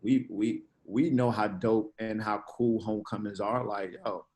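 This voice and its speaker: A man talking as a guest in a casual interview, lively and slangy, acting out quoted conversations. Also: on the low side, measured pace, poor audio. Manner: animated, slangy, acts out quoted exchanges.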